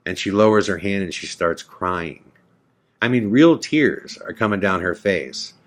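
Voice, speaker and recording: Low deep-voiced guy telling a story on his podcast, casual, acts out his own lines. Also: animated, a little slow.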